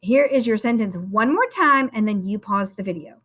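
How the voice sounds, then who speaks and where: A woman teaching a recorded first-grade phonics lesson, speaking slowly and encouragingly and calling the viewer friend. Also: fairly high pitch, expressive, a bit bright.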